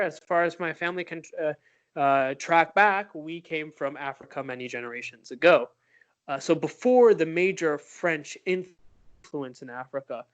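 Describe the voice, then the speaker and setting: A man co-hosting a podcast, chatting casually and thoughtfully, pausing often with fillers and restarts. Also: on the high side. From United States. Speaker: podcast co-host. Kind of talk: casual chat.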